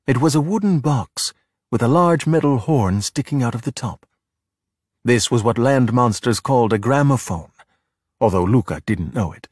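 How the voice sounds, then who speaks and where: A middle-aged man reading a children's storybook aloud in a steady, plain way. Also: mid-range voice, moderate pace, husky, dry recording, clean studio sound. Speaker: narrator.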